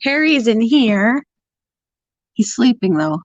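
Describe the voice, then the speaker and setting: A woman hosting a casual pet livestream at home. She talks softly, sometimes in a whisper, and coos at her animals in baby talk. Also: mid-range voice, animated, measured pace, no echo, rough recording. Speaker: pet channel host.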